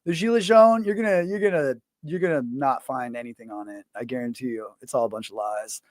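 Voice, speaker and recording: A man's voice: mid-range voice, fairly quick, a little mellow, no room sound, clean studio sound. Profane, rambling male show host. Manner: profane, rambling, full of fillers. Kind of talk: casual ranting monologue.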